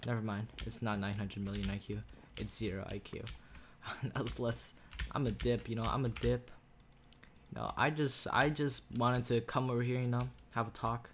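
A man's voice: mid-range voice, fairly even intonation, normal speed, slight background noise. A man giving casual, rambling commentary over his own gameplay, joking and trash-talking the other players, recorded on a desk microphone. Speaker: gaming YouTuber. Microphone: USB desk microphone. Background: faint keyboard and mouse clicks.

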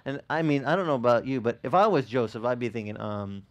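Male pastor, mid-pitched, chatty animated sermon with audience questions and repeated restarts. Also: fast talker, hardly any pauses. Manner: animated, asks the congregation questions. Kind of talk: conversational sermon.

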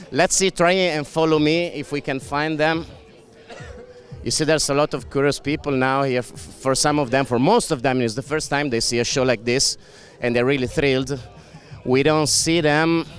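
A man reporting live from a powerboat race paddock, chatting with many fillers as he interviews racers. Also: mid-range voice. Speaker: pit-lane reporter.

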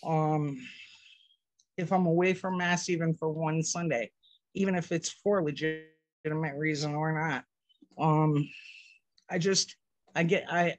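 A man joining a prayer call to share a personal testimony, halting and full of restarts, getting weepy as he talks. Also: on the high side, no echo. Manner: halting, many restarts, tearful. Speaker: participant sharing a testimony. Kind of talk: emotional personal sharing.

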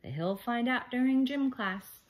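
A woman's voice: fairly high pitch, expressive, measured pace, narrow, tinny audio, pitched above the performer's own voice. A woman reading aloud and voicing a cocky young schoolboy prankster who talks in a bold, snappy way.

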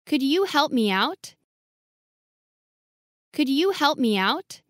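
Female English lesson reader: slow, clear sentence drills, bright singsong pitch, dry close sound. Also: very animated, no room sound. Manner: reads each short sentence twice.

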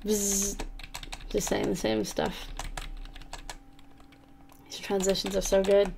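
A woman hosting a let's play, reading the screens and slipping in dry asides. Her voice sits mid-pitch with a noticeable gravelly fry. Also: level tone, takes it slowly, long pauses, a little hiss or hum. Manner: quiet, wry commentary. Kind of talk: gameplay commentary and reading game text aloud.

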